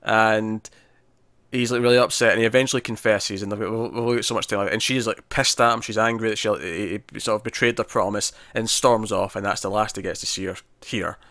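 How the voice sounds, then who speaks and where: A man's voice: fairly low pitch, brisk, dry recording. Chatty male TV reviewer, dry sound. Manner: animated recapping, acts out characters' lines; frequent restarts and repeated words. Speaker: podcast co-host reviewing TV. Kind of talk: casual review discussion.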